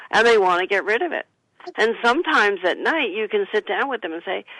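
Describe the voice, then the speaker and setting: Earnest lady author on talk radio giving advice, kinda gravelly, dry sound. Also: medium pitch, fairly bright tone, no echo, low-quality recording. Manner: earnest, advising, gives listeners example phrases. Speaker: author guest. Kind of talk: radio interview. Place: studio.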